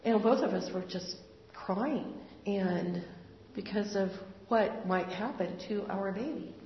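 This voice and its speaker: An older woman tells her personal faith story in an earnest, conversational way, pausing often. Her voice has a gravelly edge. The recording is dull and lo-fi, with the long reverb of a large hall. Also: medium pitch, slight background noise. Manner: conversational, earnest, with pauses and fillers. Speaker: speaker sharing testimony. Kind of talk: personal testimony. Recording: roomy hall, dull lo-fi sound.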